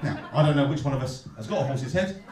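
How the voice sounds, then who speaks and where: A man from London with a Cockney accent, performing a stand-up comedy set with a deadpan, mock-glum delivery and punchlines he pushes up loud. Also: medium pitch, fast, far from the mic, crowd noise. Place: comedy club stage. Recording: echoey club, heard from afar. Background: audience laughter.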